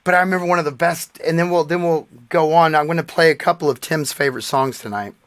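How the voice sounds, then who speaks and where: A man's voice: fairly high pitch, fast, no room sound. A man in his forties co-hosting a podcast, telling earnest, emotional stories in casual chat. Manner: earnest storytelling, emotional tribute. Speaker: podcast co-host.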